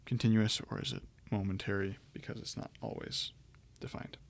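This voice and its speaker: A man's voice: on the low side, level tone, normal speed. A man teaching Greek grammar in a recorded lecture, explaining step by step with frequent ums and restarts.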